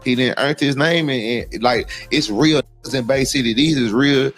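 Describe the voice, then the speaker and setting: A man's voice: mid-range voice, normal speed, a bit bright, soft background music. Heated, profane man from Texas. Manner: heated, profane, rambling, often says "you know what I'm saying". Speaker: interview guest. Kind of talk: casual interview talk.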